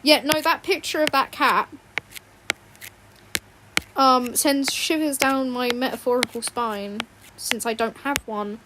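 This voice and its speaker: A woman's voice: sits high, fairly even intonation, takes it slowly, pauses often. A woman streamer chatting casually from her bedroom while drawing, rambling and giggly, often apologising. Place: home bedroom. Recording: fan noise in background. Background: fan hum.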